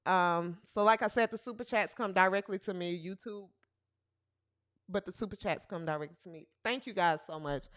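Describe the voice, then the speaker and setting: A woman hosting a comic sports talk livestream, mocking and animated, with exaggerated hollering. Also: mid-range voice, moderate pace, no echo, studio quality. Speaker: show host.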